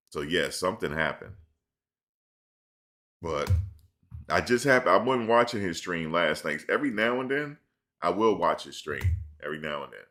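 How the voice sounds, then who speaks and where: This man has a deep voice with a bright tone and is streaming casually at home in front of a camera. A live-stream commentator, he tells loose, rambling stories full of slang and reads chat questions out loud.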